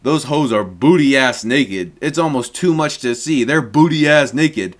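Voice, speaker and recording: A man's voice: mid-range voice, expressive, measured pace, close to an everyday voice. A young man quoting a boastful older male bus traveler in a loose, brash way, close to his own voice. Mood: bragging.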